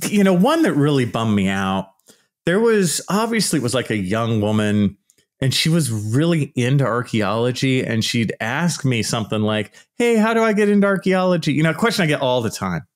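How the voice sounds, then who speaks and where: A man's voice: mid-range voice, animated, moderate pace. A man hosting a podcast, talking casually in an exasperated, emphatic and blunt way, with some swearing. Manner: mocks opponents in put-on voices. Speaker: podcast host. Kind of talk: casual ranting monologue.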